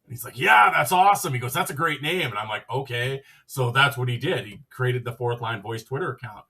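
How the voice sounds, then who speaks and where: A man hosts a podcast and tells a loose, rambling story, slipping into the other people's lines as he goes. His voice is husky, at a middle pitch for a man. He sits a little back from the microphone. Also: a little fast, pushed and bright, recorded from a distance. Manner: rambling, acts out quoted dialogue with "I'm like". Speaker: podcast host. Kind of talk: casual storytelling.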